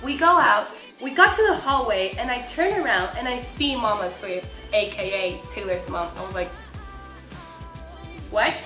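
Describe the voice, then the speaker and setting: A young woman from Mexico, excitedly telling a story as a vlogger, with lots of filler words. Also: mid-range voice, brisk. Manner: excitable, gushing, many fillers. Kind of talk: casual storytelling. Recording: echoey room with faint music.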